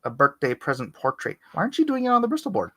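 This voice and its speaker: Inking on a live stream, this comic artist rambles through casual chat, growing animated and laughing as he tells a story. His voice sits high and he talks at a racing pace.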